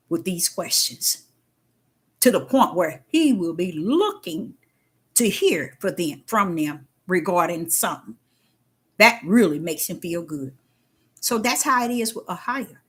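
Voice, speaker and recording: An older woman giving a casual spiritual testimony, folksy and emphatic, repeating herself and swinging between loud and hushed. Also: fairly low pitch, lively intonation, measured pace, long pauses, slightly rough. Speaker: faith talk host.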